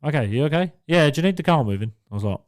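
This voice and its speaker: Sarcastic young man, lively. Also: fairly high pitch, racing. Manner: sarcastic, swearing storyteller. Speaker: podcast co-host. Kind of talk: casual chat.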